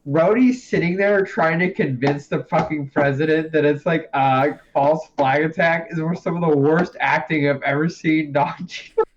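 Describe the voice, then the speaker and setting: A man's voice: on the high side, steady tone, normal speed. A young man co-hosting a casual podcast, rambling, swearing and laughing often as he recaps. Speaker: podcast co-host. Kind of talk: casual chat. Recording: dull lo-fi sound.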